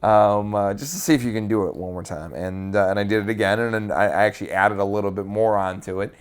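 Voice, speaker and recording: A man with a fairly low voice, co-hosting a casual podcast. He rambles through his stories with plenty of "um"s and restarts. He swears freely and keeps a loose, offhand tone. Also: fairly even intonation, quick pace, clear, resonant tone. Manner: rambling, with frequent fillers and restarts. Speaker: podcast co-host.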